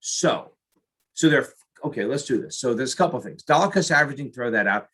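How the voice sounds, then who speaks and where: A middle-aged man with a bright, forceful tone and a husky edge reads practice exam questions aloud and reasons through each answer on the spot. He jokes at his own expense and chats to himself as he works. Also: mid-range voice, lively intonation, fairly quick. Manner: jokey, self-mocking, talks to himself while solving. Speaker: exam prep tutor.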